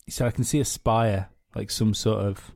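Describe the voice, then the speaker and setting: A man's voice: on the low side, fairly even intonation, moderate pace, gravelly, a little mellow. A man co-hosting a podcast, telling a rambling story in casual chat, swearing freely and restarting his sentences. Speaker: podcast co-host.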